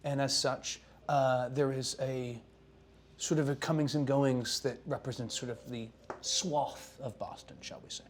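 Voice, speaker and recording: A game master narrating a tabletop horror game in a loose, chatty way with quick asides. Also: medium pitch, steady tone, slight background noise.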